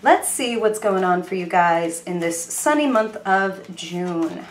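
A young woman chatting casually and excitedly through a tarot reading, full of fillers and quick apologies. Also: on the low side, roomy sound, a little hiss or hum. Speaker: tarot reader.

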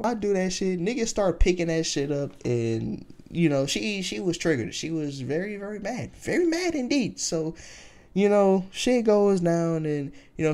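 A man's voice: a little high, warm tone. A young man telling a casual storytime, swearing freely and rambling with lots of fillers. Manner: profane, rambling with many fillers.

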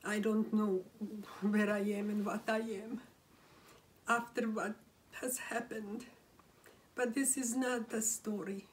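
A widow, seated in a room at home, slowly tells an emotional personal story in the first person, grieving and close to tears. Her mid-range voice is flat and halting, with frequent restarts and whispered phrases. The mic is distant, with slight background noise.

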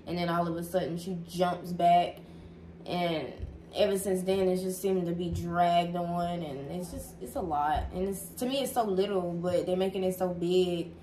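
Young woman, soft and low-key, roomy echo with light noise. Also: fairly even intonation, moderate pace. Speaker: family member joining the talk. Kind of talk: casual chat. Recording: echoey room with faint noise.

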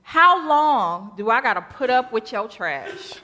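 Exasperated, commanding teacher, voiced by a woman, bright and animated. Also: mid-range voice, measured pace. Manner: scolding, slangy, commanding. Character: exasperated Jesus scolding his disciples.

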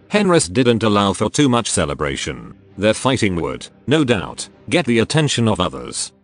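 A man's synthetic text-to-speech voice reading a military science-fiction story as narrator in a flat, even manner. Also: lowish voice, normal speed. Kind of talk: scripted narration.

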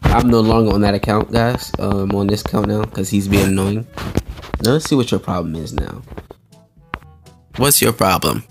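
Guy chatting thru a game for his viewers, kinda low voice, lil music playing under him. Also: moderate pace, long pauses. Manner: chatty, talks to viewers as guys, laughs often. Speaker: gaming channel host. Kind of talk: casual gameplay commentary.

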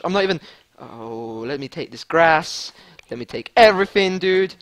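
High-voiced, excitable male gamer. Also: normal speed. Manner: excitable, stammering, swings from shouting to whispering. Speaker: gaming channel host. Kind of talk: excited gameplay commentary.

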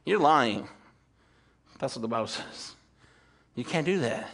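A man in his fifties preaching a sermon to a church congregation, swinging between loud emphatic peaks and quiet asides, with rhetorical questions and calls for amen. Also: mid-range voice, expressive, measured pace, creaky, slightly rough. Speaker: pastor.

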